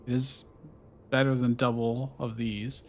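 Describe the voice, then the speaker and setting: A man's voice: mid-range voice, flat delivery, unhurried, slight background noise. A man giving casual let's-play commentary, thinking aloud and musing over his choices with fillers. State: hiccuping. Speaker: gameplay streamer.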